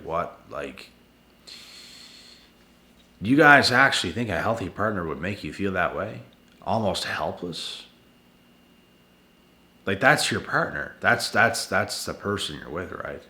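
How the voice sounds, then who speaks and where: Blunt male vlogger, tired late-night delivery, deep voice, echoey home room. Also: pushed and bright. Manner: blunt, repetitive, addresses viewers as guys and bro. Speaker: channel host giving relationship advice. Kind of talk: casual vlog monologue. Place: at home indoors.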